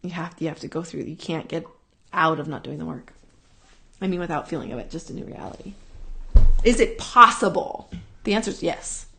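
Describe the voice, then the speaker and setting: A woman's voice: sits low, brisk, gravelly, long pauses, pushed and bright. A woman hosting a casual live talk, answering viewers in a rambling, earnest way that keeps circling back and repeating itself. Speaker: host answering viewer questions.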